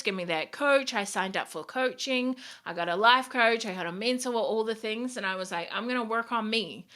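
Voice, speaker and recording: A woman's voice: medium pitch, fairly quick, hardly any pauses, fairly bright tone. A woman giving a candid, motivational vlog talk as a small business owner, swearing freely and speaking with emphatic drive.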